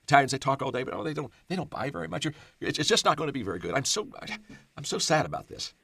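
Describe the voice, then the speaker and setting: A man's voice: mid-range voice, sing-song, racing, vocal fry, fairly bright tone, breathy edge, no echo, far from the mic, pitched above the performer's own voice, full character voice. A man voicing a gloomy male barber who frets and warns of doom in a story. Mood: fretful. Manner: worried, sighing warnings.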